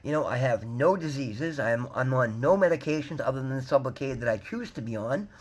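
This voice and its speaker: A man's voice: medium pitch, lively intonation, brisk. A man in his fifties talking candidly to camera in a rambling, emphatic way, often calling his viewers guys. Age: 50s. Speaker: vlogger. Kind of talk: candid personal talk to camera.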